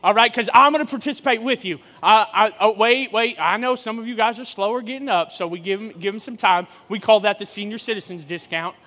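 A man in his forties, a guest preacher, giving a sermon with lively joking banter with the congregation. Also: high-pitched, a little fast, hardly any pauses, in a large hall. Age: 40s. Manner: joking, energetic crowd banter. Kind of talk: sermon with audience interaction. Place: church hall.

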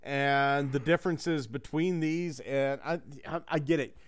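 A man's voice: fairly high pitch, a little slow, clean tone. A man co-hosting a casual podcast chat, rambling and joking, swearing freely.

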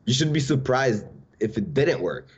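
A man's voice: mid-range voice, animated, moderate pace, slightly rough. A young man talking as a podcast guest, laid-back and casual, calling the host bro. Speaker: guest, social media creator. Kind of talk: casual interview chat. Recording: dull lo-fi sound.

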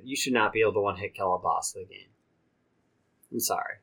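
A man's voice: lowish voice, fast, gravelly, a bit bright, slightly rough, rough recording. A man co-hosting a casual video game podcast, joking and exasperated, laughing often. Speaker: podcast co-host. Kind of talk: casual game review chat.

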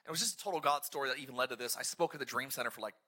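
A man preaching a sermon as a pastor, telling stories in an energetic, joking and self-deprecating way. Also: medium pitch, very fast, husky. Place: church.

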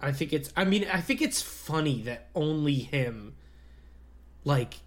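A man's voice: on the high side, expressive, unhurried. A man co-hosting a casual movie podcast, laid-back and a little hesitant, laughing easily. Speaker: podcast co-host.

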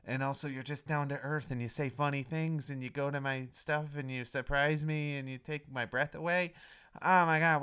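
A man in his thirties hosting a comedy podcast, rambling through a self-mocking intro and swinging from mumbling asides to loud melodramatic pleading. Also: medium pitch, clean tone. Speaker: podcast host.

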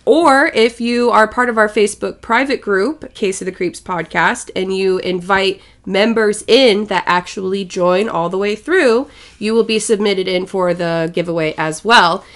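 A woman co-hosting a casual podcast, giggly and excitable. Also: mid-range voice, a little slow, hardly any pauses. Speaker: podcast co-host.

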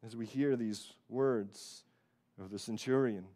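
Man preaching an earnest sermon. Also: slow. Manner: earnest preaching that rises loud and high on quoted voices, then drops low; repeats phrases for emphasis. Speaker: pastor.

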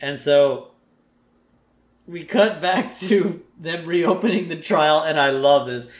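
A man's voice: on the high side, slow. A man co-hosting a podcast, chatting casually about an episode and laughing often, recorded in an echoey room. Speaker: podcast co-host. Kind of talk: casual episode recap chat.

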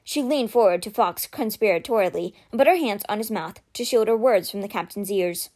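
A woman reading a children's fantasy novel aloud with expressive, dramatic storytelling. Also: mid-range voice, brisk, hardly any pauses.

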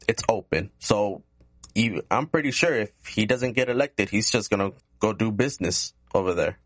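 Low-voiced plainspoken man. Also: lively intonation, normal speed, fairly bright tone, no echo. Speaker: podcast co-host. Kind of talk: casual political chat.

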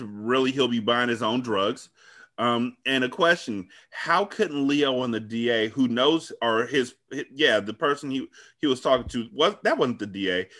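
A man co-hosting a casual TV recap podcast, animated and profane, laughing often. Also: medium pitch. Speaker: podcast co-host.

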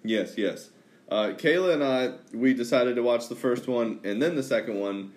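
A man's voice: mid-range voice, moderate pace. A young man hosting a podcast in casual, rambling chat, full of laughter and fillers. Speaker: podcast host.

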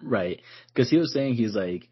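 A man co-hosting a podcast in casual chat, relaxed and loose, says "like" a lot and laughs often. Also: lowish voice, moderate pace, breathy edge, dull audio. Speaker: podcast co-host.

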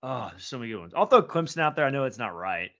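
A man co-hosting a podcast in casual chat, hesitant and thinking aloud with many pauses. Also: medium pitch, very animated, fairly bright tone, dull audio. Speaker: podcast co-host.

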